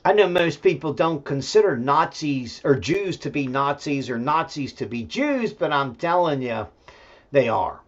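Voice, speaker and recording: A man's voice: fairly high pitch, expressive, unhurried. A male host giving a rambling, profane political rant full of fillers and restarts, and talking aside to his dog at home. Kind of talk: solo political commentary rant. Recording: dull lo-fi sound.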